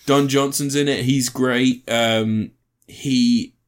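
A man talks through a film he enjoyed in loose, rambling podcast chat. His voice sits in a middle pitch, and he swears freely as he gets animated retelling scenes. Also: slow.

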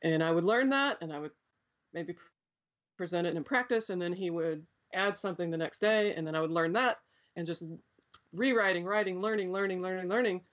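Dull lo-fi audio captures a woman with a lowish voice talking a little fast. She is middle-aged, a guest in an interview, rambling through reflective stories about her past with frequent fillers and restarts.

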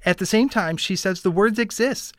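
A woman's voice: mid-range voice, normal speed, no echo, studio quality. A woman co-hosting a talk show, speaking in an earnest, emphatic way. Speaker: co-host. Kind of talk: casual talk-show chat.

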